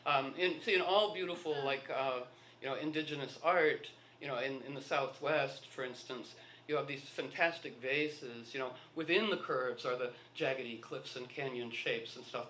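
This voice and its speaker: A man's voice: medium pitch, normal speed, bright, forceful tone, slight background noise. A man telling rambling anecdotes in a casual talk, acting out the dialogue of the people in his stories. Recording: echoey room.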